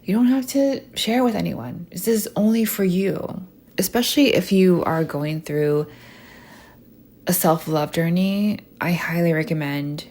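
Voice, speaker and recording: A young woman hosting a podcast, talking softly and unfiltered in a chatty stream of consciousness, full of "like" fillers. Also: lowish voice. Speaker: podcast host. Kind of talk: soft stream-of-consciousness monologue.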